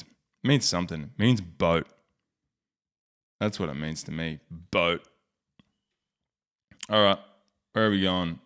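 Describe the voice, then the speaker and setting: Australian male vlogger, low voice, jokey, self-mocking, off-the-cuff commentary. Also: a bit bright, clear, resonant tone. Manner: joking, rambling, self-mocking. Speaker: YouTube host. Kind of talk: casual screen-share commentary.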